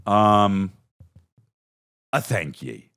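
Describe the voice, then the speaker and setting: A man, hosting a podcast in a rambling, profane, comedic monologue that swings between low mutters and high excited bursts. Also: drawn-out words, clear, resonant tone, no echo, studio quality. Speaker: podcast host.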